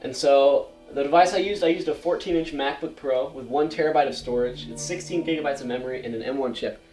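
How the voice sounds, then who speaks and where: A teenage boy talks through his project slides in a relaxed, chatty way, explaining each step as he goes. His mid-pitched voice rings out in a roomy space. Faint music plays underneath. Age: late teens. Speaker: student presenter. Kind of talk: casual slideshow presentation. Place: school presentation room.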